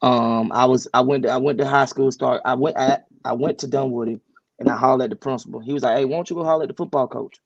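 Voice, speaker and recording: A man who coaches high school sports, telling his story as a guest in a casual interview, relaxed and often restarting his sentences. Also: quick pace, gravelly, no room sound, highs cut off.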